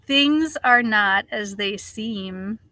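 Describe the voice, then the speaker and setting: A woman's voice: medium pitch, very slow, bright, forceful tone, no room sound. A middle-aged woman streaming live, ranting passionately in casual chat, swearing and greeting viewers.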